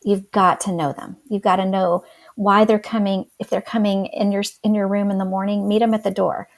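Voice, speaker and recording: A woman teacher talks in a casual interview, her voice gravelly with fry at mid pitch. She speaks with animation and slips into quoted classroom lines as she tells her story. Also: level tone, fairly quick.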